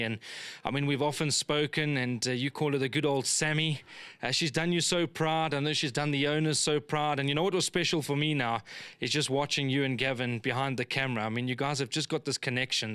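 A man interviewing winners after a race, full of praise and leaning on "I mean" as he talks. His voice sits fairly high and sounds smooth and clear. The sound is dry and close. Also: a bit bright, dry recording. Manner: effusive, praising, many "I mean" fillers. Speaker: racecourse presenter interviewing winners.

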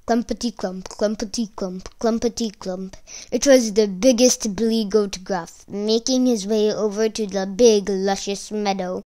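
A woman reading a children's fairy tale aloud in an expressive storytelling manner. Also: mid-range voice, a little slow.

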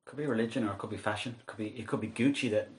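A man's voice: fairly low pitch, darkish tone. An Irish man chatting as a podcast guest, rambling and interrupting himself with restarts. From Ireland. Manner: quick, rambling, self-interrupting. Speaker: podcast guest, actor and comedian. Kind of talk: casual chat.

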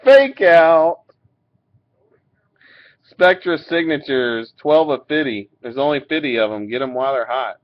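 A man's voice: medium pitch, moderate pace, hardly any pauses. A man casually opening card packs, reading out each card and swearing now and then. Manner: laid-back, swears and laughs while reading out cards. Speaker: card breaker. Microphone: webcam mic. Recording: dull lo-fi webcam audio.

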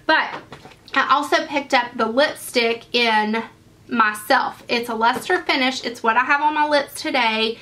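A young woman talks through her makeup favorites in a loose, chatty way. Her voice sits a little high and rings bright and forward. She gushes over each product with eager enthusiasm. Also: unhurried. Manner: gushing, enthusiastic. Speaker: beauty vlogger. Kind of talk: casual makeup favorites chat.

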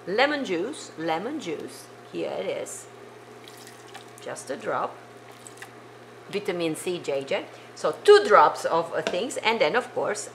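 A woman's voice: medium pitch, gravelly, noisy background. A woman from Italy, hosting a casual live cooking stream from her home kitchen, chatty and rambling as she talks to viewers. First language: Italian.

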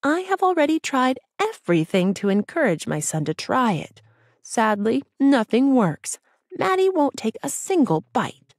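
A woman voicing a caring, patient mother in a children's audiobook, gentle but serious. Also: sits high, big pitch swings, measured pace, dry recording, clean studio sound, voice pushed up, heavily acted. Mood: weary.

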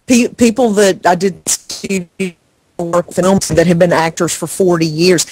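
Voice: medium pitch, measured pace, darkish tone, husky, low-quality recording. Casual podcast chat, rambling, exasperated, laughs a lot. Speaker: podcast panelist, actor.

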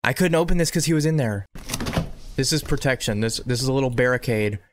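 A man giving excitable horror game playthrough commentary, talking back to the game and repeating himself. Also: mid-range voice, fast. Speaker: gaming video creator. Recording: noticeable background noise.

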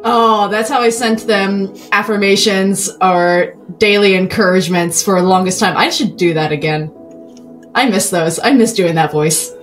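A woman's voice: medium pitch, steady tone, normal speed, faint music behind. A woman from California hosting a book podcast, chatty and self-deprecating. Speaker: podcast host. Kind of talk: casual podcast chat.

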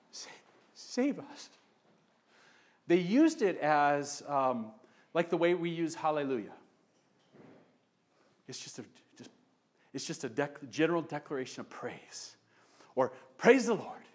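A male pastor preaches a sermon in a slightly high voice, delivering it with animation as he acts out shouting crowds and then drops to quiet talk.

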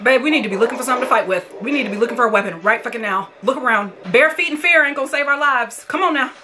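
Profane woman yelling at a horror movie. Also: a little high, very fast, very noisy. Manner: profane, talks back at the characters on screen. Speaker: movie reaction host. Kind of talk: first-watch movie reaction commentary.

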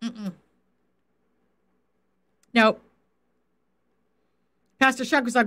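This middle-aged woman, a faith coach, teaches the Bible during a livestream and speaks to chat viewers firmly and directly. Her voice sits high and is expressive and a bit bright, moving a little slowly.

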